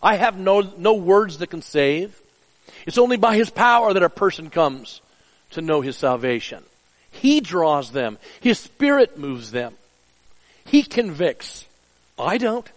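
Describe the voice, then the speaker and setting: A middle-aged man preaching a sermon with earnest emphasis, dropping soft and low for personal stories. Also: sing-song, unhurried, big-room sound, low-quality recording. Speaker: pastor.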